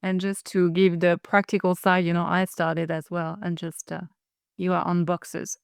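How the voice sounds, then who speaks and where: A woman's voice: on the low side, little pitch movement, moderate pace, gravelly, clean tone, dry recording, studio quality. A woman hosting an interview, giving short affirming responses and brief comments. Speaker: podcast host. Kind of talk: interview chat.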